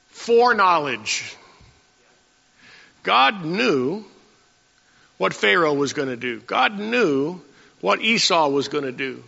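A man preaching a sermon to his congregation in a folksy way, often clearing his throat. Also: high voice, sharp tone. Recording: dull lo-fi recording in a long-reverb hall.

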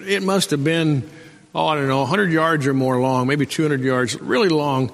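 A man's voice: on the high side, creaky, fairly bright tone. A middle-aged male pastor preaching a folksy sermon and calling out for amens from the congregation. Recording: long hall reverb.

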